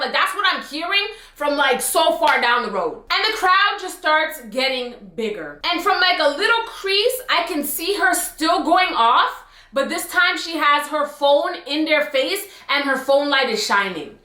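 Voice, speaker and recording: Bright, animated young woman. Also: sits high, measured pace. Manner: animated, expressive, slangy retelling. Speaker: storytime vlogger. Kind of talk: casual storytime. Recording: roomy echo.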